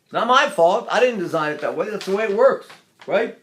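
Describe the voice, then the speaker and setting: A man's voice: high voice, lively intonation, a little fast, fairly bright tone. An older man giving a singing lesson, explaining technique in a folksy, demonstrative way and breaking into sung vowels to show his points. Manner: folksy, demonstrative, sings sample vowels and laughs between points. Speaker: voice teacher.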